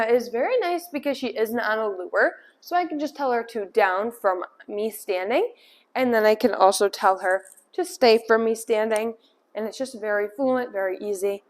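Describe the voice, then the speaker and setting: A woman dog trainer calmly explaining a lesson, with firm short commands to a puppy. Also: fairly high pitch, normal speed. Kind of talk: instructional demonstration.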